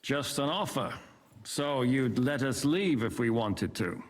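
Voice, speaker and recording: A man's voice: mid-range voice, expressive, unhurried, long reverb tail, close to an everyday voice. An actor playing a weary, sardonic young nobleman with a dry, sarcastic manner, in video game voice acting.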